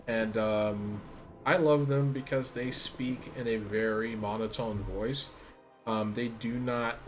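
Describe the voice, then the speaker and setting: An American man talks through a game he is playing in a relaxed, chatty way, filling pauses with ums. His voice sits a little low. Faint game music plays behind him. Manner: chatty, many ums, laughs easily. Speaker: let's play gamer. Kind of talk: casual gameplay commentary.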